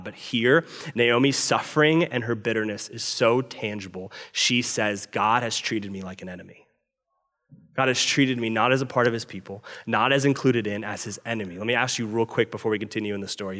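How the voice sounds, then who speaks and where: A man, a pastor, preaching a sermon in an expressive way, his voice rising when he quotes scripture and falling low when he stresses a point. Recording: long reverb of a large hall.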